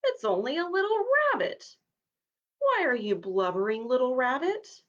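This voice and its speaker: A woman's voice: on the high side, big pitch swings, measured pace, highs cut off. A woman voicing a proud, snobbish male war horse in a storybook reading, with a haughty, pompous manner.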